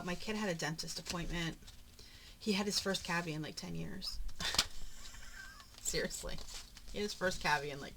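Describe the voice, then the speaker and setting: A woman vlogging as she flips through her craft journal, chatting in a rambling, talkative way with frequent soft murmured asides. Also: mid-range voice, noisy background. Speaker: papercraft vlogger. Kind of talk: casual chatty narration during a journal flip-through.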